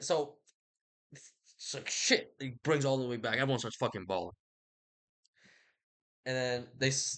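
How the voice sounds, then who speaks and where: A man's voice: mid-range voice, fairly bright tone. A man rambles through a recap of a classic book in a loose, slangy way. He swears freely and keeps breaking in with jokey asides. The talk is casual and unscripted. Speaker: book vlogger.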